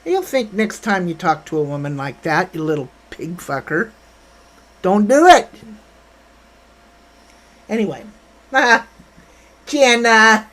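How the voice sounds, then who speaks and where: A woman's voice: mid-range voice, very animated, takes it slowly, pauses often, fairly bright tone, rough recording. An older woman hosting a casual livestream, blunt and brash, chatting with viewers and reading their comments. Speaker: livestream host.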